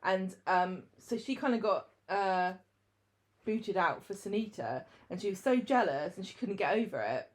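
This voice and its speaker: A woman's voice: medium pitch, moderate pace. Chatty woman retelling a story. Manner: storytelling, lively recap with hesitations. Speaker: podcast co-host. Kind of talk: casual chat.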